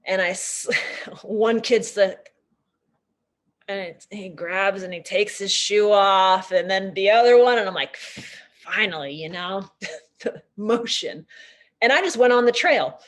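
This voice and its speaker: Animated woman telling a nature story. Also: mid-range voice, a little slow, long pauses. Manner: animated, chatty, many fillers. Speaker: nature educator. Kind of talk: storytelling lecture.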